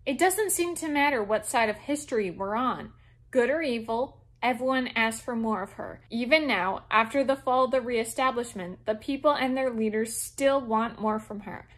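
A woman's voice: on the high side, close to an everyday voice. A woman reading aloud the lines of a brooding, ruthless young man who is fiercely protective.

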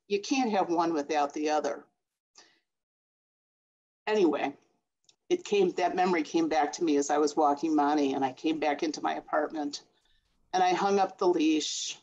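A woman from the Chicago area telling a personal childhood story over a video call, expressive and acting out voices. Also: fairly low pitch, highs cut off. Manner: expressive, acts out her mother's voice.

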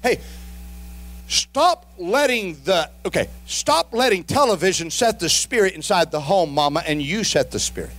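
A middle-aged male pastor preaching a sermon with emphatic delivery, moving between quiet asides and shouted exhortations, with folksy humor and repeated rhetorical questions. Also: high-pitched, animated, normal speed.

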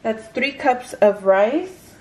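A woman's voice: on the high side, slow. A woman vlogger casually talking through each cooking step in her home kitchen. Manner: relaxed, talks through each step as she works. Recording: kitchen noise with clicks and clatter.

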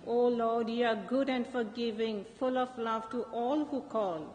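A woman reads scripture at Mass slowly and carefully, in a fairly high voice. The church around her is echoey with a long reverb. A faint background noise runs underneath. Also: fairly even intonation, darkish tone. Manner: slow, careful reading. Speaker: lector.

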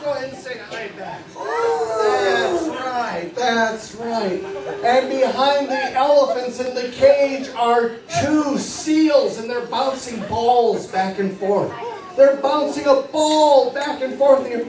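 Man, stage hypnotist, slow coaxing patter, high voice, distant echoey recording. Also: lively intonation, darkish tone. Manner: slow, coaxing, playful suggestions. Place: party venue with audience. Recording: echoey room from far off, faint music.

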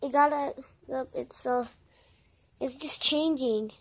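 A woman voicing a bickering group of characters in a homemade story, brash and quick to swear, swinging from yelling to low mutters. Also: husky. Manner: brash, swears often, switches between shouting and mumbling. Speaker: voice-over creator.

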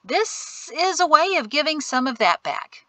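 A woman's voice: high voice, big pitch swings, measured pace, bright, forceful tone, dry recording, pitched above the performer's own voice, exaggerated voice. A woman reading an audiobook voices a greedy wealthy man who speaks in a sickly sweet, condescending way. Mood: syrupy. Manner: syrupy, condescending.

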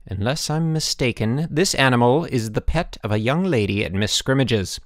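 A man voicing a stern older housemaster who speaks quietly with clipped authority. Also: medium pitch, animated, moderate pace, no room sound, studio quality, close to an everyday voice. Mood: commanding.

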